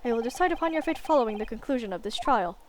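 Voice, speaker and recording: A woman voicing a stern, pompous elderly male judge in a video game, speaking formally and gravely. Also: fairly high pitch, expressive, very fast, noisy background, natural voice.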